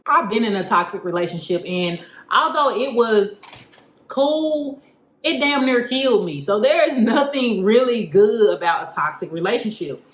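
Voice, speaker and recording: A woman's voice: a little high, animated, moderate pace. A young woman hosts a casual chat over a meal, slangy and laughing while she eats. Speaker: host. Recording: roomy home recording with faint noise.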